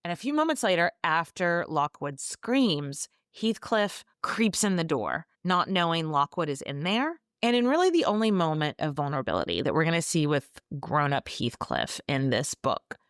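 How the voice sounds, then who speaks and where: A woman's voice: low-pitched, sing-song, moderate pace, a bit bright, dry recording. A woman podcast host recapping a classic novel in a breezy, gossipy, irreverent way, with swearing, on a close mic. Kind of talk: casual book recap.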